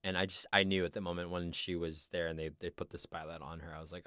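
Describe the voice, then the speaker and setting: A man hosting a livestream, telling a story in casual chat, animated and acting out the people he quotes. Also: sits low, fast talker, few pauses, no room sound, clean studio sound. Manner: animated, acts out quoted voices. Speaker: livestream host.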